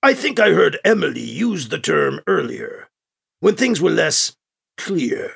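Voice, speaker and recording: Brief: a catlike warrior, put on by the narrator, heavy gravel and rasp, slow and terse, pitch swinging a lot. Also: big pitch swings, heavily acted. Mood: curious. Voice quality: gravelly, raspy.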